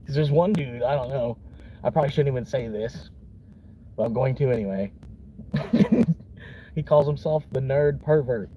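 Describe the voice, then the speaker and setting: A man's voice: mid-range voice, moderate pace, pauses often. A man from Florida, a vlogger rambling casually from his car, laid-back, chuckling often and swearing easily. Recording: car interior with vehicle noise.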